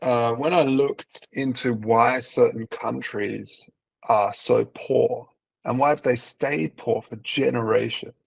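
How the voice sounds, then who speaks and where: A man's voice: mid-range voice, steady tone, slow pace, creaky, slightly rough, no room sound, low-quality recording. A man hosting an interview, telling long rambling stories in casual chat. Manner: rambling storyteller with fillers and restarts. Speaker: interview host.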